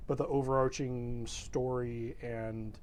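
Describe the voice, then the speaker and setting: A man's voice: medium pitch, flat delivery, slow, slight background noise. Rambling laid-back man chatting. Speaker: show regular. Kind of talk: casual stream chat.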